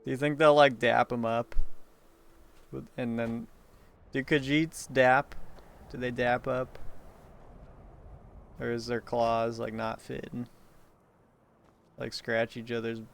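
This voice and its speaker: A man's voice: mid-range voice, level tone, vocal fry, a bit bright. A man giving casual, rambling gameplay commentary, joking and swearing freely. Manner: rambling, joking, profane, quick to laugh. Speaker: streamer playing a game.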